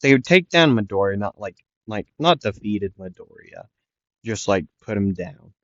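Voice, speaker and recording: A man's voice: lowish voice, lively intonation, normal speed, a bit bright, no echo. A tired man improvising a fan story, rambling and hesitant with many fillers and apologies. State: tired, yawning. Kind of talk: improvised fan fiction narration. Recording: dull lo-fi dry recording.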